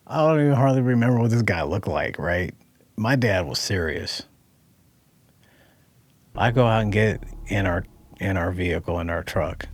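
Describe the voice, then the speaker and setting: A middle-aged man from Dayton, Ohio, telling a personal story in an animated, conversational way. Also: low-pitched, husky. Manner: animated, conversational, acts out quotes.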